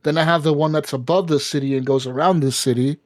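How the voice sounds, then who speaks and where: A man co-hosts a casual gaming podcast, cursing freely and telling stories with lots of energy in a profane, animated style. His voice is a little high, his pace quick, and the recording has no echo.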